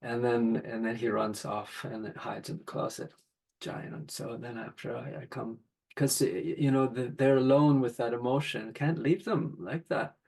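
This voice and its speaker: A man with a gravelly, husky voice shares stories in a reflective podcast conversation. He talks gently and thoughtfully, taking his time with each point. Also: medium pitch, steady tone, normal speed, low-quality recording. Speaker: podcast guest, father.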